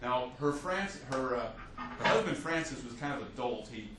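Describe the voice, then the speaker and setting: A man's voice: mid-range voice, normal speed, loud music behind the voice. Man lecturing in an echoey classroom. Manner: animated storytelling with many restarts. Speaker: history lecturer. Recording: echoey classroom from a distance, faint hiss.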